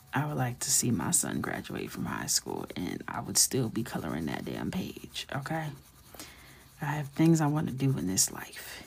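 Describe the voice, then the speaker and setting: A low-pitched, gravelly woman of middle age chats loosely on a coloring livestream. She jokes, riffs on viewer comments and tells little stories in an easygoing, playful way. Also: darkish tone, slight background noise. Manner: chatty, joking, reads chat aloud. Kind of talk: casual livestream chat.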